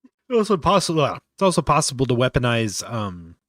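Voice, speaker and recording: A man hosting a casual live-stream software tutorial, thinking aloud with lots of fillers and restarts, yawning often. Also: medium pitch, very animated, brisk, no echo, clean studio sound.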